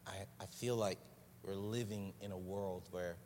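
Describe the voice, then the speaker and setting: A man preaching a sermon as pastor, earnest and unhurried, pausing and repeating phrases for weight. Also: sits low, steady tone, a little mellow. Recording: distant voice with long hall reverb, faint noise.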